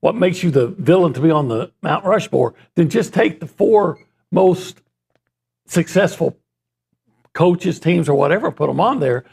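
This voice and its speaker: A man co-hosting a sports talk show, with a very gravelly, husky voice pitched a little high. He rambles and restarts his sentences in a loose, playful way. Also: expressive, a little slow, a little mellow. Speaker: sports radio co-host. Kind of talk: casual radio sports chat.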